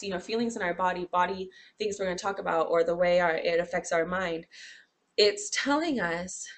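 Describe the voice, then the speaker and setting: Woman lecturer, gravelly fry, expressive and demonstrative delivery. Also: fairly low pitch. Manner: expressive, acts out examples, sighs and groans. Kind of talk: classroom lecture.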